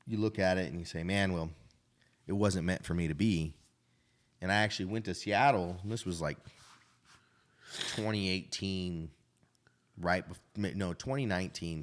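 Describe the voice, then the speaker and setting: A man's voice: sits low, steady tone, normal speed, long pauses. A man in his thirties, a restaurant owner, telling his life story in casual, frank conversation and often adding "right?". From Idaho.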